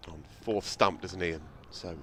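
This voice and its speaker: Brief: lowish male commentator, storytelling manner, faint outdoor noise. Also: steady tone, moderate pace. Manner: reflective, anecdotal storytelling. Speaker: cricket commentator. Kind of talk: cricket commentary.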